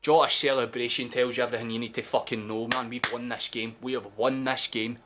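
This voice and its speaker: Over a noisy background, a young fan streams his live commentary on a football match in a mid-range voice, talking a little fast. He swears a lot, gets excited and bursts into shouting.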